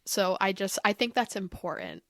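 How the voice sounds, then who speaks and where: A woman guest on a podcast talks in a casual, animated way, peppering her points with "like". Her voice sits at an ordinary pitch for a woman. The sound is dry and close, with no room around it. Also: normal speed, gravelly, no room sound. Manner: animated, opinionated, heavy use of "like". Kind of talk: casual chat.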